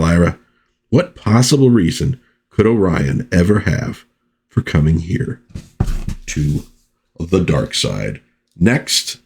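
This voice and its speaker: A man's voice: deep voice, a little mellow. A man hosting a casual comic book review vlog, chatty and easygoing. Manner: chatty with frequent fillers and restarts.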